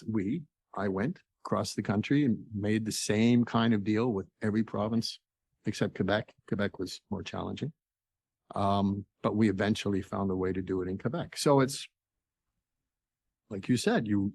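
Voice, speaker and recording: Older man, from Canada, podcast guest, lively storyteller, voices each side of a conversation, dry sound. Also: fairly low pitch, moderate pace, slightly rough, dry recording. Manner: animated storyteller acting out dialogue. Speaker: entrepreneur guest. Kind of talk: storytelling interview.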